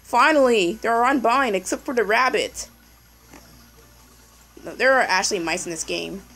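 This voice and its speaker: A young woman commentating her puzzle game casually, excitable, yelling at the game and repeating "no" over and over. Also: on the high side, moderate pace, low-quality recording. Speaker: gameplay commentator.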